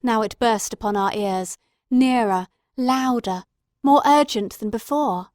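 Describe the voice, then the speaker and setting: A woman narrates a classic novel aloud at a measured, dramatic pace. Her voice sits fairly high, and the recording is close and dry. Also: a little mellow, dry recording. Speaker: audiobook narrator. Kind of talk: scripted narration.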